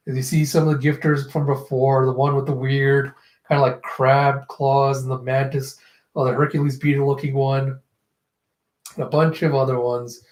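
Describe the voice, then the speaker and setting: A man reviewing a comic chapter, retelling its scenes in an animated way. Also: mid-range voice. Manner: animated retelling in second person. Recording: echoey room.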